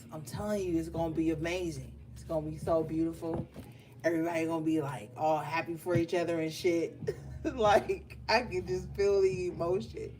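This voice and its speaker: A woman's voice: on the low side, darkish tone, a little hiss or hum. A woman doing a casual live tarot reading, chatty and loose with plenty of swearing. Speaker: tarot card reader.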